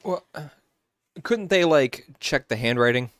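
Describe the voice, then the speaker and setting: A man's voice: a little high, animated, unhurried, dry recording. A man co-hosting a podcast, chatting casually with laid-back reactions and jokes. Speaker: podcast co-host. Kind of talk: casual chat.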